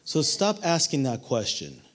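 A man's voice: medium pitch, wildly swooping pitch, measured pace. A man preaching a sermon, asking the listeners questions and acting out the quoted lines. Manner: dramatic, acts out quotes, asks the congregation questions.

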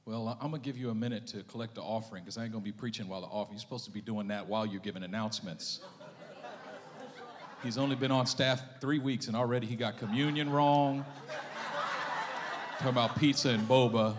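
A man's voice: medium pitch, fast talker, in a large hall. A pastor joking with his congregation and telling stories in a sermon. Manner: joking, storytelling, lively. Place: church sanctuary.

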